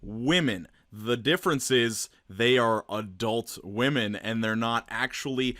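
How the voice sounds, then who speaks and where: A man's voice: mid-range voice, fairly bright tone, no echo, clean studio sound. Blunt, profane male vlogger. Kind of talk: casual commentary to camera.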